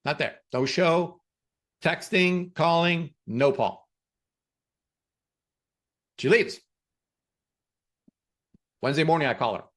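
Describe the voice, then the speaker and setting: A man hosting a podcast who gives a motivational talk and tells stories in an emphatic, animated way. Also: a little high, takes it slowly, pauses often. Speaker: podcast host.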